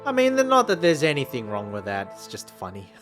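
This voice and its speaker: A male streamer talking his viewers through a story game at an easy, slow pace. His pitch is lively and sits a bit high, and he laughs often at his own jokes. Faint music plays under his voice. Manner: chatty, laughs often, self-mocking. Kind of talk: casual live-stream chat.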